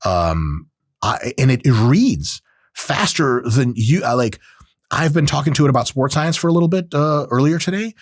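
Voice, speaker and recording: Animated man riffing on tech, dry sound. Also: medium pitch, normal speed, no echo. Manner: animated, acts out quoted voices, profane asides. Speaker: podcast host. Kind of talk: casual monologue on technology.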